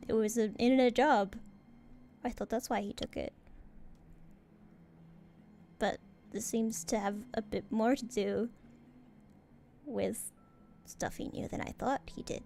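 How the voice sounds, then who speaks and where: Woman player, fairly high voice, hesitant and rambling in character. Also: steady tone, unhurried, gravelly, pauses often, mellow, slight background noise. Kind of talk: in-character tabletop play.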